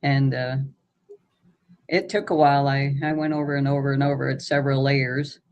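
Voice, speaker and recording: Casting note: middle-aged woman guest, plainspoken and modest, gravelly fry in the voice. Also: extremely low pitch, steady tone, moderate pace, darkish tone, a little hiss or hum. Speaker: guest artist. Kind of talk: casual chat.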